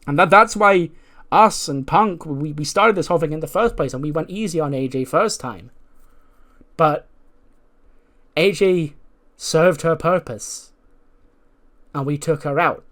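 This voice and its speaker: A man's voice: a little high, unhurried, pauses often, fairly bright tone. A man voicing a cold young female wrestling villain, matter-of-fact.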